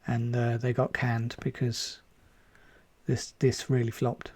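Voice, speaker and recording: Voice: mid-range voice, completely flat delivery, slow pace, a little mellow. A co-host of a casual film watch-along, making wry remarks about the movie. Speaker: podcast co-host.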